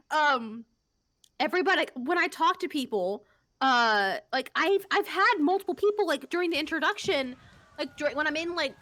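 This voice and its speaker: A woman from East Texas chatting casually with friends during a game stream, animated and rambling, laughing often. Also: high voice, normal speed, dry recording. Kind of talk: casual chat while gaming on stream.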